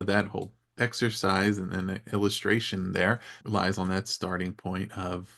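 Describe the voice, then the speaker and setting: Podcast host guy, low gravelly voice, kinda husky, thinking out loud. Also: little pitch movement, moderate pace. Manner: reflective, thinking aloud with small laughs. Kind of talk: podcast interview.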